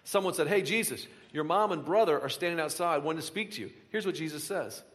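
Male pastor, high voice, mid-sermon in a large echoing hall; conversational, building to emphatic repetition. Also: fast talker, fairly bright tone. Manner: conversational, rising to emphatic bursts with repeated phrases. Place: large hall with a live congregation.

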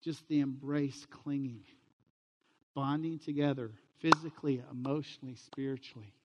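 A man's voice: medium pitch, moderate pace, in a large hall, highs cut off, very noisy. A middle-aged man, a pastor, preaching a sermon and telling stories, livening them with quoted voices. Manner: storytelling, animated with quoted voices.

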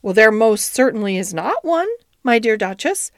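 A woman's voice: a little high, big pitch swings, normal speed, no echo, studio quality. A woman voicing a prim, proper female cat hostess in a storybook reading, precise and correct in her speech. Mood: stern.

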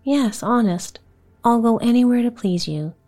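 A woman's voice: a little high, measured pace, warm tone, soft background music, pitched above the performer's own voice. A woman voicing a kind, earnest poor boy who talks cheerily and reassuringly, in a bedtime story.

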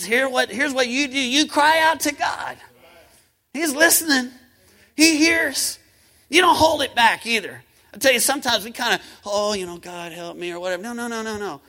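A man's voice: high voice, pushed and bright. A man preaching a sermon as pastor, speaking with rising emphasis and calling on the congregation to respond. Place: church.

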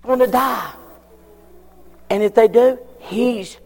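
Male preacher, high-pitched and slow, emphatic repeated questions, reverberant church. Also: creaky, darkish tone. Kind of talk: sermon.

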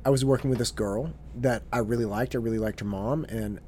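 A man's voice: mid-range voice, fairly even intonation, a little fast, warm tone, a little hiss or hum. A man who works as a tutor, telling a story in an earnest monologue and often repeating his words as he goes.

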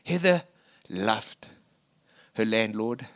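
A man preaching a sermon as a pastor, telling stories with emphatic rises and hushed drops. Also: high-pitched, a little slow, long pauses.

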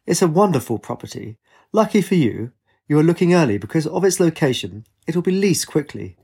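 A posh, loud woman estate agent talks up a property, as a male narrator puts her on. Her voice is pushed higher than the narrator's own. It fits a storybook reading. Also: sing-song, a little fast, creaky, breathy edge, full character voice. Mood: salesy.

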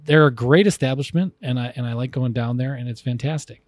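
A man's voice: medium pitch, a little fast, no room sound, clean studio sound. A man co-hosting a podcast, chatting casually, rambling and enthusiastic with frequent restarts. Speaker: podcast co-host. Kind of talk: casual chat.

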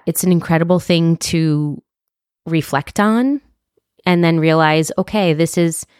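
A woman in her thirties hosting a solo podcast, talking earnestly and from the heart, with restarts and soft laughs. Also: sits low, smooth, no room sound, studio quality. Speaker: podcast host. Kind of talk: reflective solo podcast monologue.

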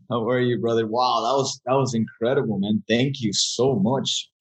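A man who is a football coach, answering interview questions in a relaxed way with frequent restarts. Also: mid-range voice, measured pace.

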